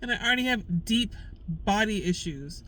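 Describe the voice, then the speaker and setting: A woman's voice: mid-range voice, animated, normal speed, a bit bright, slight background noise, poor audio. A young woman vlogging candidly, venting raw frustration in casual slang. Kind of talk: candid personal vlog.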